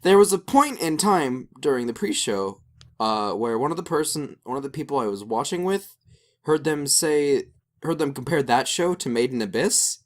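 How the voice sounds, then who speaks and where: A young man co-hosting an anime podcast in loose, casual chat. He rambles and restarts, with plenty of fillers, and his voice sits at an ordinary middle pitch. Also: normal speed. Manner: animated, rambling with many fillers. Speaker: podcast co-host.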